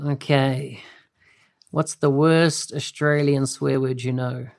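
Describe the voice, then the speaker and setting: Host role: upbeat interviewer, quick affirmations, casual. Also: medium pitch, little pitch movement, gravelly, darkish tone. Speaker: podcast host.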